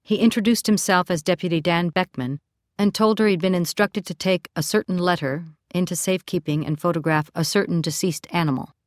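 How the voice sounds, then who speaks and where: A woman narrating a novel as an audiobook in a steady, even storytelling manner. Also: low voice, no echo, clean studio sound. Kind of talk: scripted narration.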